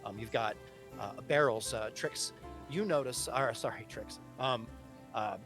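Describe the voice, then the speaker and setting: A man narrating as game master of a tabletop game, halting and full of fillers and restarts. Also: medium pitch, fairly bright tone, faint music behind.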